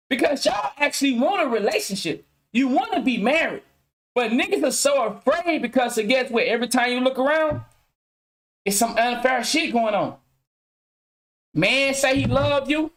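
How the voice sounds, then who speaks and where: A man hosting his own podcast rants to viewers at a measured pace in a very high, slightly bright voice with lively intonation, swearing heavily, using loose slang and restarting frequently.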